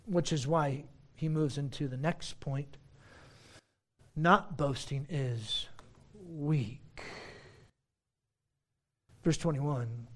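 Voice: medium pitch, slow pace, long pauses. A preacher giving a sermon, teaching in an emphatic, conversational way with frequent asides and a sarcastic edge.

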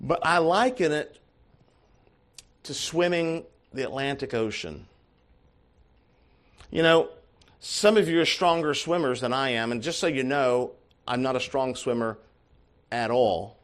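A male pastor preaching a sermon, emphatic and dramatic, dropping to quiet asides and then rising to shouted calls. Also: medium pitch, unhurried, long pauses.

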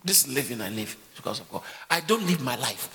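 A man preaching a sermon, acting out voices and breaking into shouts. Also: mid-range voice, brisk, creaky. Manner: animated, acts out voices and shouts. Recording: echoey hall.

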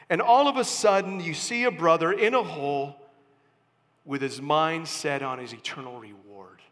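A man preaching a sermon as a pastor, emphatic, with sudden rises and soft drops. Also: on the high side, normal speed, big-room sound.

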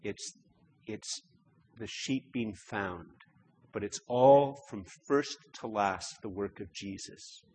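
A man preaches a sermon in a church, his slightly low voice a touch husky. He talks conversationally, repeating words, then builds into emphatic stretches. The sound carries a long hall reverb. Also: slow pace, a little mellow.

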